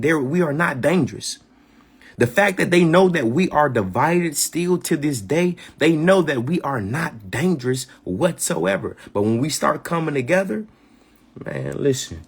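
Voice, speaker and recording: A man's voice: on the high side, gravelly, breathy edge. A man hosting a live community gathering, talking passionately with a lot of slang, swearing and repeated phrases. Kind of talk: casual live-stream talk.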